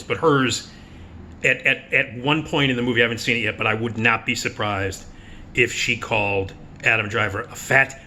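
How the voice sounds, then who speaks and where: A bright, forceful male voice in a casual movie preview. He talks bluntly and swears freely. He is sarcastic and dismissive, and he breaks into quick mocking impressions. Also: fairly low pitch, a little hiss or hum. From United States. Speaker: film critic.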